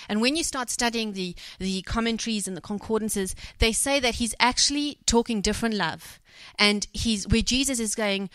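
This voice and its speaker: A woman's voice: medium pitch, brisk, a bit bright, no room sound. Woman preaching a sermon, dry sound. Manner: earnest, retells scripture with acted quotes and self-corrections. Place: church.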